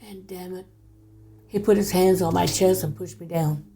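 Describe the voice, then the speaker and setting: Her voice sits on the low side, with fairly even intonation and a moderate pace. She's an older woman appearing as a podcast guest, sharing a personal story casually in a hushed tone that often falls to a near whisper.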